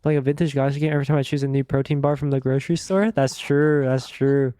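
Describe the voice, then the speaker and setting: A man's voice: mid-range voice, fairly even intonation, fast talker, mellow, no room sound, clean studio sound. A man live-streaming a game, chatting casually and crudely with his audience in a rambling way. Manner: rambling, crude, laughs easily.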